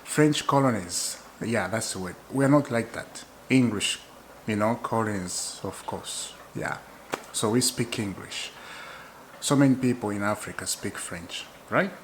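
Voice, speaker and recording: A man from Zambia, hosting his own football channel in an excitable, chatty way and laughing often. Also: fairly low pitch, a little slow, slight background noise, rough recording. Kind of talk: casual football chat to camera.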